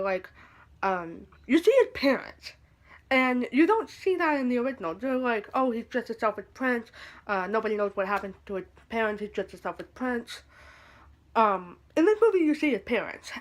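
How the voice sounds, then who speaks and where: A young woman chatting casually in a movie review vlog, with many ums, now and then acting out short quotes. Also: fairly high pitch.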